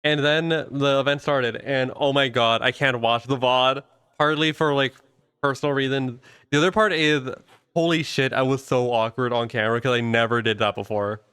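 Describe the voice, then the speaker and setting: A man's voice: mid-range voice, steady tone, moderate pace, a bit bright, clear, resonant tone, no room sound, studio quality. A young man hosting a casual live stream as a VTuber, rambling loosely and swearing often.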